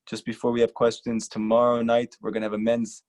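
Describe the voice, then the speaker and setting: A rabbi giving an earnest, emphatic lecture and repeating short lines for stress. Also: male voice, medium pitch, completely flat delivery, a little fast, a little mellow. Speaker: rabbi teaching a class. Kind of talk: earnest sermon-style lecture.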